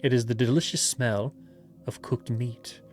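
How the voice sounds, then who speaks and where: A man's voice: medium pitch, steady tone, a little slow, darkish tone, faint music behind. A man reading a gamebook aloud as game master, with playful asides and laughter.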